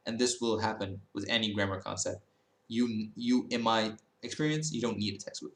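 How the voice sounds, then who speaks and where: A man's voice: fairly low pitch, steady tone, normal speed, vocal fry, a bit bright, echoey room. A young man giving blunt, rambling advice on learning a language in a casual vlog, full of fillers and restarts, swearing and laughing at times.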